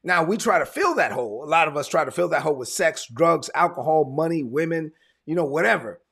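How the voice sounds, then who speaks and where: A man preaching a sermon in a conversational, emphatic way, repeating his points, with a gravelly, husky voice. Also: on the high side, expressive, fairly quick, a bit bright. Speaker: pastor.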